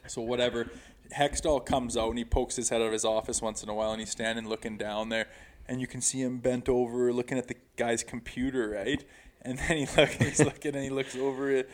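A man's voice: mid-range voice, fairly even intonation, fairly quick. Middle-aged guy on a podcast spinning long sweary hockey stories, super casual, kinda rambling. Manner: loose, profane, rambling anecdotes. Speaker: podcast guest, former pro hockey player. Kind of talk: casual storytelling chat.

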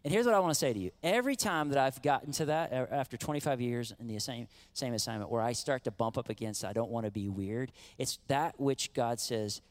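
In a mid-range voice, a middle-aged pastor preaches fairly quickly with hardly any pauses. The sermon is animated and conversational as he acts out quotes and calls on the congregation.

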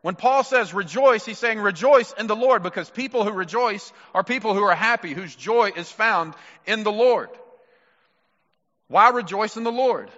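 A man's voice: sits high, moderate pace, a bit bright. A male pastor preaching a sermon, emphatic and repeating key words for stress. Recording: dull lo-fi sound with long hall reverb.

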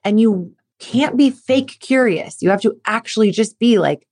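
Animated woman coaching on a podcast. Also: a little high, normal speed, hardly any pauses. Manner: animated, acts out quoted questions in a lively voice. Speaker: sport psychology coach and podcast host. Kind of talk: casual solo podcast talk.

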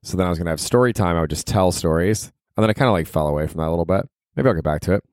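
Male comedy podcast host, very low voice, rambling and crude, dry close sound. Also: rapid-fire, a little mellow, no room sound. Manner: rambling, profane, self-mocking. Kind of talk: casual solo podcast monologue.

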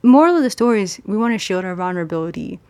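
A woman hosting a solo podcast, talking candidly in a casual conversational way, speeding up and slowing down for emphasis. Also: medium pitch, animated, mellow, dry recording. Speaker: podcast host.

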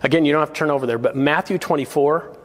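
An American pastor delivers a sermon from a church pulpit, speaking quickly in an earnest, exhorting voice that's a touch high for a man. Short chuckles break up his points, and a long reverb lingers on every word in the sanctuary.

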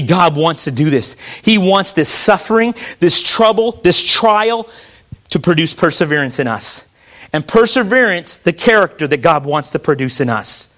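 A man's voice: high-pitched, fairly bright tone. A man preaching a sermon as pastor, earnest and repetitive, often restarting his phrases.

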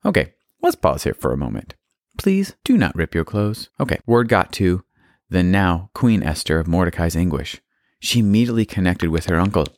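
Deep-voiced man narrating a kids' Bible story. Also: sing-song, moderate pace, a little mellow. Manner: playful asides, plain telling.

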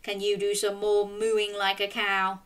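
A young woman reading a children's story aloud and running games, speaking directly to young children in an animated way. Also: mid-range voice, a little slow, smooth.

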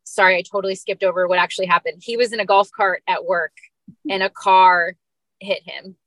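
A woman's voice: medium pitch, fairly even intonation, brisk, fairly bright tone, no echo. A woman guest on a podcast, telling a personal story in an earnest, emotional way with casual fillers. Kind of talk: personal story told in an interview.

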